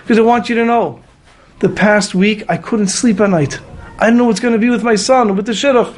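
A man's voice: sits high, steady tone, a little fast, pitched above the performer's own voice, lightly acted. A man voicing an anxious middle-aged father who speaks in a pleading, apologetic way.

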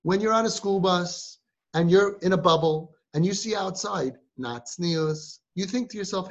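Here a man with a high-sitting voice talks at a moderate pace. As a parenting guide, he addresses a group of sibling girls live, firing off rhetorical questions, captured on a muffled recording.

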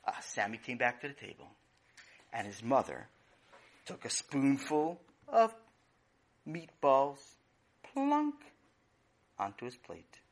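A man narrating a children's story for a podcast, animated and voicing the characters. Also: mid-range voice, slow pace, long pauses.

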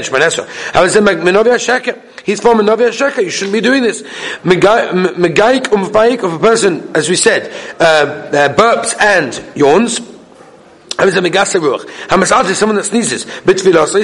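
High-voiced man chanting a Talmud lesson. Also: a bit bright. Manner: singsong study chant, mixing Hebrew and English. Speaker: Talmud teacher. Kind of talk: Talmud class lecture.

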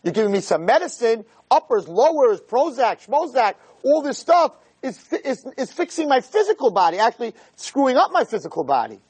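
Animated husky rabbi teaching. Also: male voice, brisk, few pauses. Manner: emphatic, repeats key phrases, rhetorical questions; swings from low murmurs to near shouts. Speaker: rabbi teaching a Torah class. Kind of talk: animated Torah lecture.

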